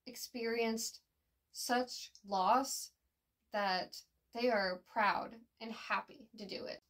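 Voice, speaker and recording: Woman reviewer, chatty and slangy, fairly high voice. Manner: slangy and chatty, with fillers and laughs at slips. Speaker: manga reviewer. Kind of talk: casual chat review.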